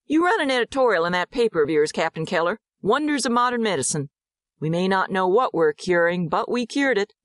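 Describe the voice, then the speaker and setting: A woman doing a brisk joking country doctor. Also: medium pitch, lively intonation, no room sound, clean studio sound, voice pushed up, lightly acted. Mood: jovial. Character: blunt middle-aged male country doctor.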